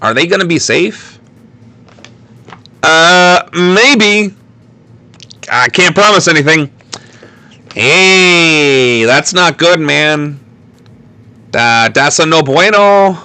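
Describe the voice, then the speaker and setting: A man voicing an excitable male school official with a put-on Spanish accent, exaggerated and sing-song. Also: a little high, drawn-out words, pauses often, smooth, no echo, pitched above the performer's own voice, full character voice. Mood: mocking.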